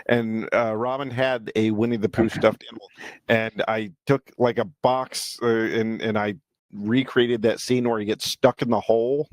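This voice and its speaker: A man's voice: on the low side, steady tone, moderate pace, no room sound. A man co-hosting a casual podcast, joking crudely and swearing freely as he reminisces. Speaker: podcast co-host.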